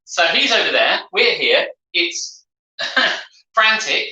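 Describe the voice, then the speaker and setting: A man's voice: high voice, big pitch swings, slow pace, sharp tone. A man with a southern English accent co-hosting a casual live-streamed chat, rambling on as he explains things at length. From southern England. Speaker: co-host. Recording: roomy sound from a distance off the mic.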